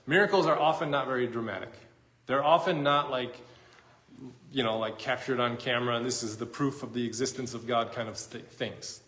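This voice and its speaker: A man's voice: medium pitch, a little fast, fairly bright tone. Man preaching in an echoey church. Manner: conversational storytelling, self-deprecating. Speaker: pastor. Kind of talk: sermon. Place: church sanctuary.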